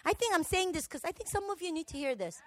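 A woman's voice: very high-pitched, lively intonation, fast, a bit bright. A woman church leader giving a personal testimony sermon, telling her story emotionally and animatedly, with lots of "like".

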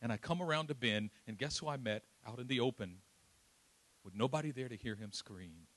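A man from East Oakland preaching a sermon, telling a personal story with lively acted-out quotes and self-deprecating asides. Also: medium pitch, fairly quick. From East Oakland, California. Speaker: pastor.

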